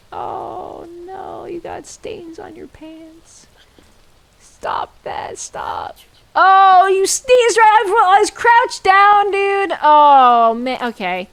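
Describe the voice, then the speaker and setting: A woman streaming a game, chatting casually and playfully, mocking herself and exclaiming loudly when startled. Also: a little high, gravelly. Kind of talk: casual gameplay commentary.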